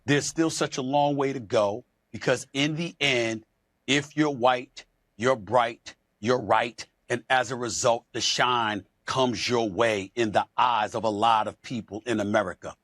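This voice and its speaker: A man speaking as a TV sports commentator in a measured, earnest broadcast delivery. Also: mid-range voice, fairly even intonation, fairly bright tone, no room sound.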